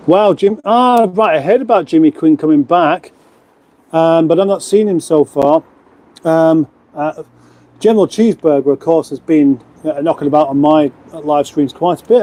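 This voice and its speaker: A middle-aged man from England chats his way through a relaxed livestream from his lockup garage, reading out viewer comments and poking fun at himself in rambling asides. His voice sits a touch high, with a warm, mellow tone. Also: normal speed. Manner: chatty, self-mocking, rambling asides. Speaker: livestream host. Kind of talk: casual live chat reading viewer comments. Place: lockup garage in front of a fridge.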